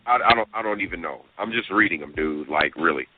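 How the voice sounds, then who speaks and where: A man's voice: low voice, a little fast, heavy background noise. A man co-hosting a talk radio show, reading out listener emails with exasperated, disbelieving outbursts. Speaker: radio co-host. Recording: tinny phone-line radio sound with music.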